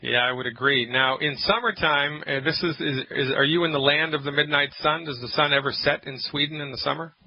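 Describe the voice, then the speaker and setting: A man's voice: fairly high pitch, steady tone, a little fast, few pauses. A man hosting a call-in health radio show as a naturopath, emphatic and jokey, on a dull lo-fi broadcast. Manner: emphatic, jokey, rants with mock-angry acted quotes.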